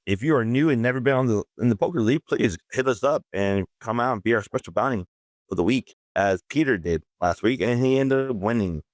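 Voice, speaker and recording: A man's voice: mid-range voice, dry recording. Joking male podcast co-host, dry sound. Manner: joking storyteller with swearing, and repeats words as he talks. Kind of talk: casual podcast banter.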